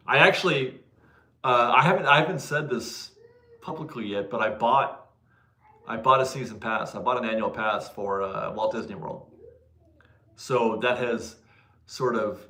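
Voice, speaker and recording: A man's voice: mid-range voice, fairly bright tone, roomy sound. A man hosting a casual livestream, chatting, laughing often and correcting himself as he answers viewers. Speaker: livestream host reading viewer donations.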